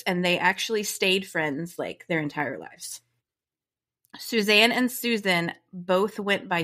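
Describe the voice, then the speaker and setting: A woman's voice: mid-range voice, a bit bright. An American woman co-hosting a casual true-crime podcast, chatty and upbeat as she tells the story. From United States. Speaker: podcast co-host.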